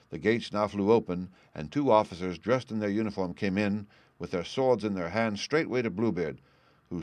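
A man reading a fairy tale aloud as an audiobook narrator, in a measured, even delivery. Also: on the low side, no room sound. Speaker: audiobook reader. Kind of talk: storybook narration.

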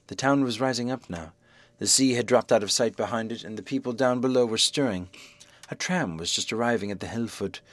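A man reading a classic novel aloud, with measured, dramatic storytelling. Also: medium pitch, no room sound. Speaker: audiobook narrator. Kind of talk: scripted narration of a classic novel.

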